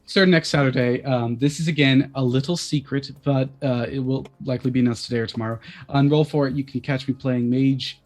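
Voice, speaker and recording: A man appearing as a guest on a live-streamed chat show, talking in an energetic, quick way. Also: mid-range voice.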